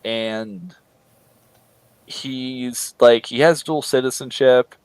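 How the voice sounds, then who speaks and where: A man's voice: medium pitch, steady tone, very slow, clear, resonant tone, no room sound, rough recording. A man co-hosting a casual political livestream chat, rambling with frequent restarts and mocking impressions. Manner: rambling, many restarts and mocking quoted voices. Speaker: podcast co-host.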